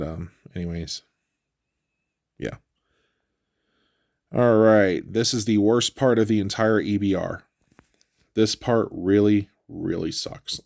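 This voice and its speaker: Stuffy-nosed man, low gravelly voice, casual game walkthrough commentary, dry close mic. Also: dry recording. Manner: relaxed, explanatory, with frequent fillers. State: stuffy nose. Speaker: gameplay commentator.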